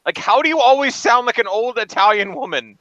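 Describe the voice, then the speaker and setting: Sarcastic male co-host, bright and animated, dry close-mic sound. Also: very high voice, a little fast, dry recording, highs cut off. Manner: sarcastic, rambling, swears. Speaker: podcast co-host. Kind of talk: casual panel chat.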